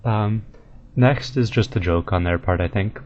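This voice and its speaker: A man with a lowish voice talks casually over gameplay, thinking aloud and slowly testing out odd names. The recording is dull and lo-fi with a faint hiss behind him. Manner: relaxed, thinking aloud, tries out words slowly. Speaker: video game guide maker.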